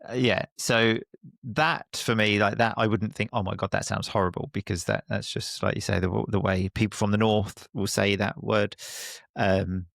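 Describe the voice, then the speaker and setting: A man from Essex with a softened Essex accent, chatting casually as a guest, laughing often and poking fun at himself. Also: on the low side, flat delivery, moderate pace, gravelly, no echo, clean studio sound. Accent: Essex English, softened. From Essex, England. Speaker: guest, English teacher and podcaster. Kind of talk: casual conversation.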